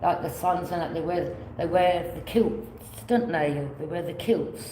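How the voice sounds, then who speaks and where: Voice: mid-range voice, a little slow, warm tone, a little hiss or hum. Rambling tarot reader in an echoey room. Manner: rambling, repeats phrases, offers loose alternatives. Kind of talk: casual tarot reading.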